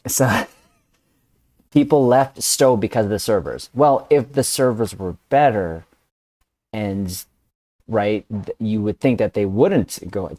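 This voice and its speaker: A man's voice: fairly low pitch, slow, mellow, no echo. A man hosting a casual podcast stream, joking around and often interrupting himself. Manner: jokey, self-interrupting, trails off. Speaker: podcast host. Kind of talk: casual discussion.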